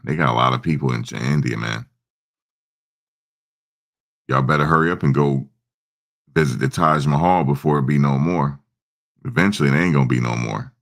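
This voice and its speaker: A man hosting a casual live stream, rambling and answering viewers' comments. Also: a bass voice. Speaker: livestream host.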